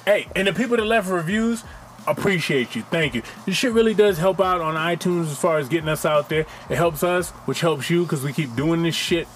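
A man's voice: on the high side, a little fast, a little hiss or hum. A man co-hosting a podcast, joking around and swearing freely in casual chat. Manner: profane, joking, animated. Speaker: podcast co-host.

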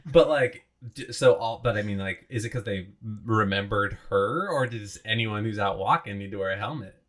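A man's voice: fairly low pitch, normal speed, a bit bright. A man co-hosting a podcast, asking curious questions in casual chat. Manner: curious, asks lots of questions, hesitant restarts. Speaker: podcast co-host.

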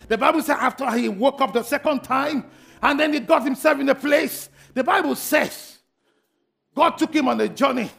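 A man preaching a sermon with fervent repetition, building up to shouted blessings. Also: very high voice, creaky.

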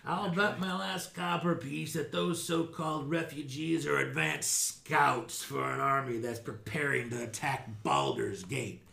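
A man's voice: mid-range voice, unhurried, vocal fry, hardly any pauses, sharp tone, reverberant, full character voice. A man voicing a semi-drunken, suspicious male tavern patron who grumbles conspiratorially. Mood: grumbling.

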